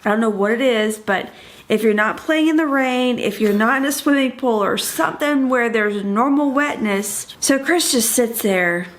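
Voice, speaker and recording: A woman's voice: a little high, moderate pace. A woman co-hosting a casual podcast, telling a story in a chatty, rambling way full of fillers. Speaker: podcast co-host.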